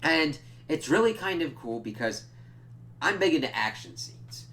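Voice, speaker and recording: A man's voice: a little high, big pitch swings, measured pace, sharp tone. A young man casually recapping a TV episode for a spoiler review, rambling and swearing often, with lots of filler "like"s. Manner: rambling, profane retelling full of "like".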